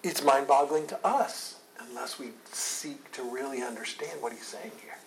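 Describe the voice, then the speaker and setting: A man's voice: mid-range voice, moderate pace, slight background noise, rough recording. Earnest man teaching a Bible study. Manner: earnest, asks rhetorical questions, repeats phrases.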